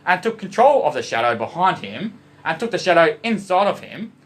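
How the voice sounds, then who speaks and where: The speaker is an Australian male vlogger who rambles at the camera, swears all the time, spins loose wordplay on love and emotion, and often calls to "boys." His pitch sits high and swings widely; he talks a little fast with a somewhat bright tone.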